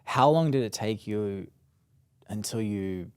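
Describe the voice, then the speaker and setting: A man with a low, smooth voice hosts the interview, recorded close and dry. He listens quietly and asks halting follow-up questions, often restarting mid-sentence. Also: animated, dry recording. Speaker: podcast host.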